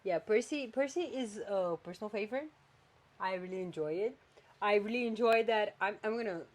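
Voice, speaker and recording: A woman's voice: medium pitch, a little fast. Chatty woman podcast host. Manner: animated, chatty, swings between flat and emphatic. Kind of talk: casual chat.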